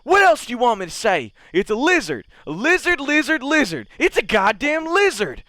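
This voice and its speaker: A man voicing a drunken male villager who rants loudly and swears. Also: a little high, expressive, takes it slowly, smooth, no room sound, clean studio sound, voice pushed up. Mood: frantic. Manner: loud, rambling, profane.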